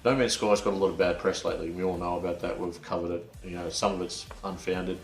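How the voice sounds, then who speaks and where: A man hosting a casual podcast, relaxed and rambling with plenty of "you know". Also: low voice, quick pace, roomy sound, faint music behind. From Australia. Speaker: podcast host. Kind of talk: casual chat.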